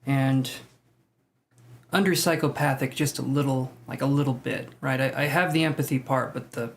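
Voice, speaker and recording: A man's voice: medium pitch, fairly even intonation, normal speed, gravelly, slight background noise. A man hosting a live tarot reading stream, chatting casually, greeting viewers by name and joking about himself.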